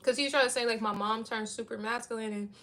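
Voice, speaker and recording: A woman's voice: a little high, steady tone, quick pace, a bit bright. A woman in her thirties chatting casually to her viewers, rambling and saying "like" a lot. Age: 30s. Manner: rambling, heavy use of "like". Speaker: vlogger.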